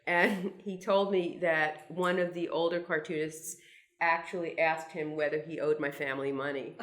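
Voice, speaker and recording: A woman in her sixties from Brooklyn, a cartoonist telling wry, meandering, self-deprecating stories to an audience, with frequent restarts and asides. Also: lowish voice. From Brooklyn, New York. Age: 60s. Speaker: cartoonist guest speaker. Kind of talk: anecdotal talk to an audience.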